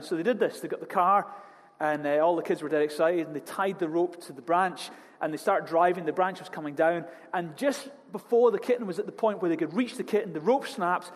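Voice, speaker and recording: A man preaching a sermon, telling jokey stories with animated delivery. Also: high voice, fairly quick, few pauses. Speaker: pastor. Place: church hall. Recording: long hall reverb.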